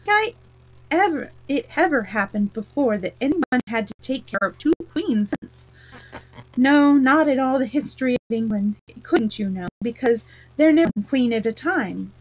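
Casting: a woman doing a peevish, high-voiced storybook girl, quick to argue. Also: expressive, rough recording. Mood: perplexed. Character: young girl Alice, indignant and impatient.

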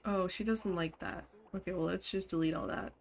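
A woman's voice: on the low side, steady tone, a little fast, vocal fry. A woman streamer giving casual live commentary on a life-simulation game, bursting into laughter and scolding her game characters.

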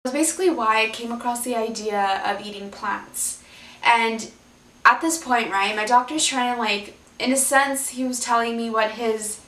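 Young woman, higher voice, rambling candid vlog, roomy echo, set back from the mic. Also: moderate pace, fairly bright tone, far from the mic. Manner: candid, rambling, addresses viewers as guys. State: left side of face numb, drooling. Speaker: vlogger. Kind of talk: personal vlog. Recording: echoey room, voice from off the mic.

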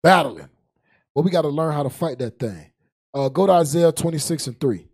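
A man's voice: a little high, a little fast, dark tone. A man preaching a humorous sermon. He laughs often, drags out key words, and calls on a reader to recite verses. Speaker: preacher and teacher.

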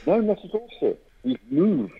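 A South African man, a comedian guest, chatting in a lively storytelling way in a radio studio. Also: sits high, husky. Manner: lively storyteller with quick bursts of mimicry. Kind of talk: casual interview chat. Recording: dull radio studio sound.

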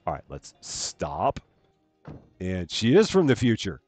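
A man's voice: low voice, huge pitch swings, slow, a little mellow, husky, no echo, faint music behind. A man casually chatting with viewers while he plays a farming game on a live stream, greeting people and laughing at his own jokes.

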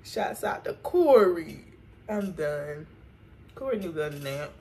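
A beauty vlogger, a woman, chats playfully with her viewers while getting ready, dropping in lots of slangy asides. Her voice sits low and sounds mellow, sing-song and unhurried. It's a casual get-ready-with-me talk caught on the camera mic as she does her makeup.

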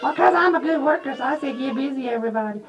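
A man's voice: racing, lo-fi sound. A squawky little red hen, pushy and proud of her hard work, barking orders at the kids, as a puppeteer puts her on. The voice sits far above his own and rings over a noisy crowd of children at a live puppet show. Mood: bossy. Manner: high squawky, ordering everyone about.

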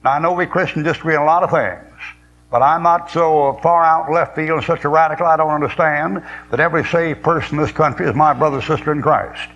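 A man preaching a sermon in a blunt, folksy and sarcastic way, slowing into a weightier cadence when he quotes scripture. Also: fairly high pitch, steady tone, fairly bright tone, muffled recording.

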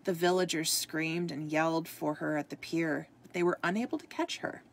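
Gravelly, low-voiced woman reading a story. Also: normal speed. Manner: expressive read-aloud, occasional stumbles. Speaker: storybook reader. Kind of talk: reading a ghost story aloud.

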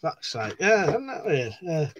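A man's voice: a little high, very animated, a little slow, a bit bright, dull audio. A man hosting a live stream, reading viewers' comments aloud in a casual, chatty way, swearing often and laughing at himself.

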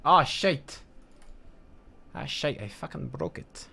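A man's voice: a little high, animated, takes it slowly, vocal fry, sharp tone, a little hiss or hum. A man streaming an online game, muttering to himself and swearing casually as he plays. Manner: muttering, swearing, thinking aloud. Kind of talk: casual gameplay commentary. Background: game music.

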